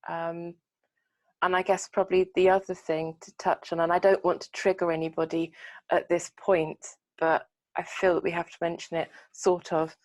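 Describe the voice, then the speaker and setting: Soft-spoken woman, low and dry. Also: dry recording. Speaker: podcast co-host. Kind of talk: casual chat.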